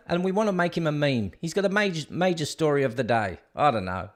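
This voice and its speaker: A man's voice: fairly high pitch, sing-song, fairly quick. A middle-aged man with an Australian accent hosting a casual solo livestream, chatty and jokey as he rambles and reads viewer comments aloud. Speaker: host.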